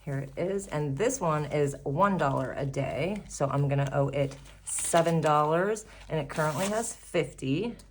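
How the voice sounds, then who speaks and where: Low-pitched and unhurried, this savings challenge vlogger barely pauses as she chats casually with viewers while crafting. She's upbeat, laughs often and sounds slightly breathless, with a little hiss or hum in the audio.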